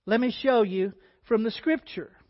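A man preaching a sermon, reading scripture aloud and stressing key words with emphatic, deliberate phrasing. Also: high voice, dry recording, dull audio. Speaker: pastor.

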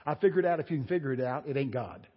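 A man's voice: medium pitch, lively intonation, rapid-fire, breathy edge, big-room sound, highs cut off. An older man preaching a sermon as a guest speaker, folksy and emphatic, weaving homespun stories into his preaching in a church. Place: church sanctuary.

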